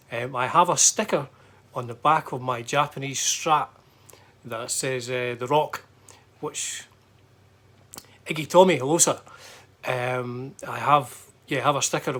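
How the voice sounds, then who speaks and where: A middle-aged Scottish man, a guitar vlogger, chats casually about a trip in a medium-pitched, slightly bright voice. He rambles along with plenty of fillers and restarts.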